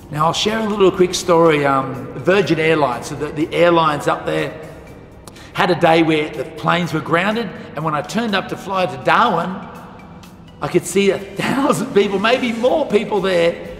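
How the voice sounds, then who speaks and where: A man's voice: on the high side, creaky. A man teaching a lesson to school students, telling a story and acting out the dialogue. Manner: animated, acts out quoted dialogue. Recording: echoey hall with faint music.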